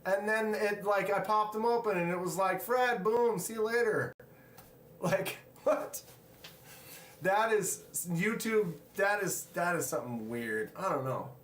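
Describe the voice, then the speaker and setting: A man hosts a casual livestream, reading viewer comments aloud and greeting people in the chat. His voice sits on the high side and sounds a bit bright. The room is roomy and echoey, with a little hiss or hum.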